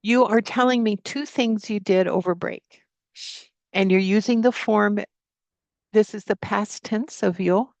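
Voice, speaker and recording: A woman teacher speaks over a video call, with a gravelly edge in her voice. The sound is dry and close. She leads students through a spoken prayer and repeat-after-me vocabulary drills in an even, instructive way. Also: medium pitch, unhurried, no room sound. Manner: prays aloud, then drills vocabulary with repetition. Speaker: Spanish teacher. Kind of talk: live online class teaching. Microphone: computer mic on a video call.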